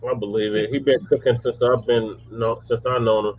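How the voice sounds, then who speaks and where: A man's voice: medium pitch, level tone, brisk, a little mellow, rough recording. Man with short agreeing interjections. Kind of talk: casual panel talk.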